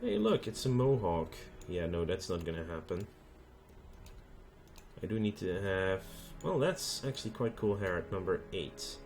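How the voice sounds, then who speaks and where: Man, let's play host, low-ish voice, hesitant and casual, lots of ums. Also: big pitch swings, a little slow, a little mellow, soft background music. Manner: hesitant, thinking aloud with many fillers. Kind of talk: casual gameplay commentary.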